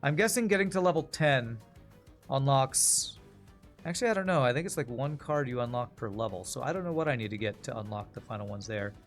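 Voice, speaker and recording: A man's voice: medium pitch, lively intonation, a little fast, soft background music. A man from Texas streaming a video game, thinking aloud in a rambling, casual way with many fillers. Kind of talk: casual gameplay commentary.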